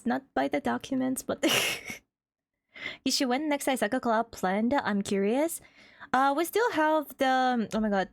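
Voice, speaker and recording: High-voiced Russian-accented young woman. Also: dry recording. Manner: chatty, laughs often, reads chat aloud. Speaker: VTuber streamer. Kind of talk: casual livestream chat.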